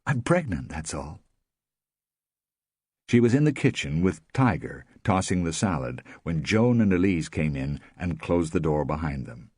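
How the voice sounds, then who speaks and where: A man reads an audiobook in a low voice with a husky grain. His pitch moves a lot as he reads, and the sound is close and dry. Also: moderate pace, few pauses, no room sound. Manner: steady, expressive reading. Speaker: audiobook narrator. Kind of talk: scripted narration.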